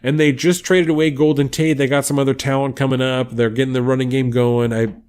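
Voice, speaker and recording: A man's voice: medium pitch, flat delivery, brisk, a little mellow, smooth. A man co-hosting a podcast, chatting casually and a bit profanely while he runs through his football picks and odds. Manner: profane, laid-back, reads off picks and odds. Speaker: podcast co-host. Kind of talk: casual sports chat.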